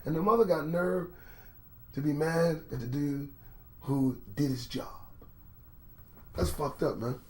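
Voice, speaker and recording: High-voiced, animated male commentator. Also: measured pace, long pauses. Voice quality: animated, profane, swings from muttering to shouting. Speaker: host. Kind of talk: profane news commentary.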